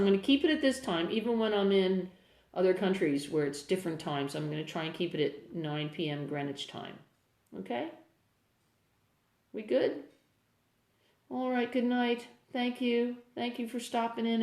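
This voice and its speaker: A woman's voice: medium pitch, darkish tone. An American woman with an accent drifting toward English, a musician chatting casually and rambling to viewers on a phone livestream from a room in a house. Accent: American, partly English. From United States. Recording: echoey room.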